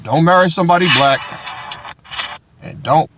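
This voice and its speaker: A man's voice: on the high side, moderate pace, very noisy. Mocking, profane male commentator. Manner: mocking, heavy profanity, repeats "dog". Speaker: online commentator.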